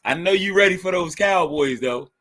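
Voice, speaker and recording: A young man calls the game on a live stream, talking straight to his viewers. He reacts out loud and laughs often. His voice sits a touch high and swings widely. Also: moderate pace. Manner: excited, talks to chat, laughs often. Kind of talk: live fan commentary on a game.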